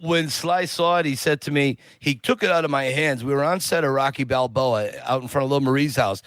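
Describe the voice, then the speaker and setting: A man guest on a podcast, telling a long story in a casual, animated way and acting out the people in it. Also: medium pitch, a little fast, no room sound. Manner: animated, acts out quoted voices.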